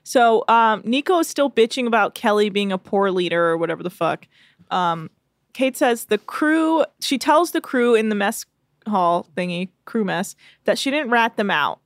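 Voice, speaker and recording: A woman's voice: mid-range voice, expressive, moderate pace, no echo, clean studio sound. A woman co-hosting a podcast, recapping a reality show in a casual, rambling, profane chat. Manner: profane, rambling, puts on silly voices for quotes.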